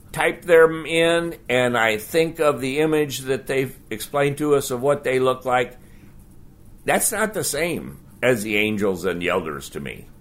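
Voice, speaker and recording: A man preaching a sermon as pastor, conversational and animated, asking the congregation rhetorical questions. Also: medium pitch.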